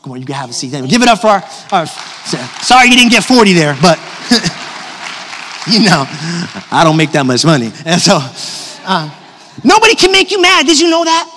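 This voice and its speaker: High-voiced pastor preaching in a reverberant hall. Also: male voice, moderate pace, a faint crowd, a little hiss or hum. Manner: animated, personal, jokes with the congregation. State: slightly hoarse from a cough. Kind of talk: sermon. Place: large church auditorium. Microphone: handheld microphone. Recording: long hall reverb from a large church.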